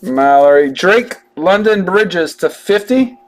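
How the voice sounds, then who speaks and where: A man with a fairly high voice talks through a live card break. His delivery is casual and drawling, full of joking asides between the cards he reads out. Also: animated, takes it slowly. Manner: chatty, drawling, jokey asides while reading out cards.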